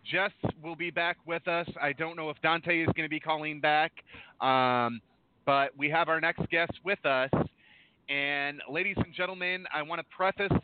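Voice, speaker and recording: A man's voice: a little high, fairly even intonation, normal speed, a little hiss or hum. A man hosting a call-in talk show, speaking emphatically and with indignation. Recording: tinny phone line.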